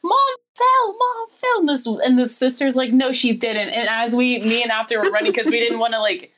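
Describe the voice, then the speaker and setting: A woman's voice: fairly high pitch, little pitch movement, brisk. Giggly, blunt woman co-host. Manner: giggly, blunt, swears casually. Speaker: podcast co-host. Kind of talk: casual chat.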